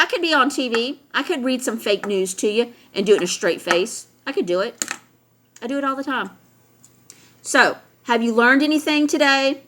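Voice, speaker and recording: Woman vlogger, slightly high voice, emphatic lecturing rant to camera. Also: sharp tone, a little hiss or hum. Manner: emphatic, lecturing, repeats points. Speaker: vlogger addressing viewers.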